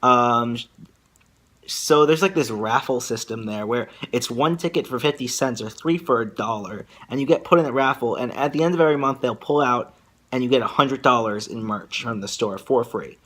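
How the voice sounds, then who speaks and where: A man's voice: mid-range voice, normal speed. Young man rambling through a vlog story. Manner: rambling, filler-heavy, animated storytelling. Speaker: vlogger.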